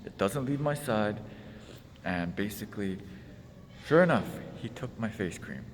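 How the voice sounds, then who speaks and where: A man's voice: fairly low pitch, lively intonation, unhurried, in a large hall, a little hiss or hum. A man telling an exasperated, casual story in his vlog. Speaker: vlogger.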